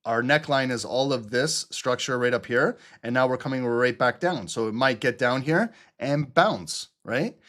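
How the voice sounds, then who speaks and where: A man's voice: medium pitch, normal speed, hardly any pauses, fairly bright tone. A man hosting live trading commentary, talking through chart drawings as he explains his analysis. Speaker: trading channel host.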